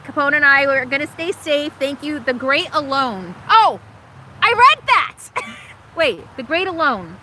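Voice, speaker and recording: Chatty high-voiced woman livestreaming from her RV. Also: moderate pace, pushed and bright, slight background noise, poor audio. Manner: chatty and self-deprecating, laughs often. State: sinus trouble from allergies. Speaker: RV vlogger hosting a livestream. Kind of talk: casual livestream chat reading viewer comments. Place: in an RV in Alaska.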